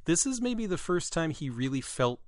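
A man's voice: fairly high pitch, moderate pace. A man co-hosting a podcast, casually talking through a TV episode. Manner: relaxed and conversational, with short agreeing remarks. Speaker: podcast co-host. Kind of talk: casual chat recapping a TV episode.

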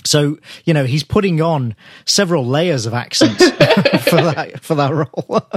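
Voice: medium pitch, very animated, measured pace, a little hiss or hum. A co-host in a casual movie chat who laughs often and nitpicks the science. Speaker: podcast co-host.

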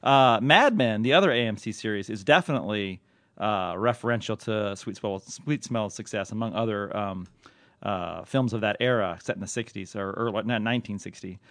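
A man's voice: on the low side, brisk, fairly bright tone, no echo, studio quality. A man co-hosting a podcast in casual chat, rambling with many restarts. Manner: rambling, full of restarts and laughs. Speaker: podcast co-host.

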